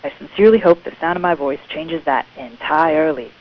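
A woman's voice: deep voice, brisk, lightly acted. A woman doing a brash, perky reality contestant. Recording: muffled phone-line message with hiss.

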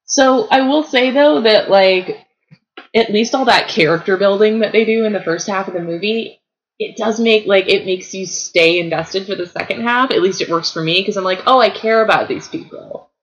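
A woman in her thirties co-hosting a casual movie chat, animated and full of fillers. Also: medium pitch, normal speed, muffled recording. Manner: animated, lots of fillers, acts out reactions. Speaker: podcast co-host.

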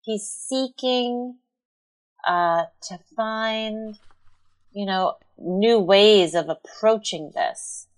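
Woman chatting about a show, thoughtful, lots of ums, middle pitch. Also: extremely slow. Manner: thoughtful, analytical, with frequent fillers. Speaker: podcast co-host. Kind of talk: casual chat recapping a TV episode.

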